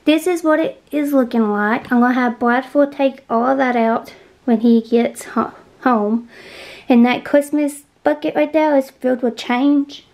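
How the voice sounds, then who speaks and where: A woman's voice: sits high, unhurried, darkish tone, rough recording. A woman vlogging as she cleans her home entryway, out of breath, talking to viewers in a chatty, rambling way. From Kentucky. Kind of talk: casual cleaning vlog talk.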